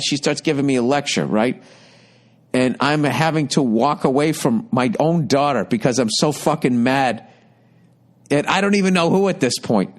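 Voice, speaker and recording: A man's voice: mid-range voice, moderate pace. A man in his fifties hosting a podcast, telling a rambling, exasperated story full of heavy swearing. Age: 50s. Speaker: podcast host. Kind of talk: profane comic storytelling monologue.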